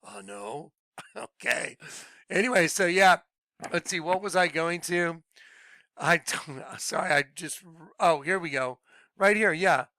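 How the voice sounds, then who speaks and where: A man talking excitedly to his viewers, laughing often and trailing off mid-sentence. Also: sits high, a little slow, pauses often, dry recording. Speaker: video blogger. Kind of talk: rambling monologue to viewers.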